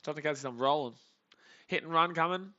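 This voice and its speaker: A young Australian man hosting a live baseball reaction stream, joking with chat and calling pitches, swinging from muttering to shouting. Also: a little fast, lo-fi sound. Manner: excitable, jokey, swings between muttering and shouting.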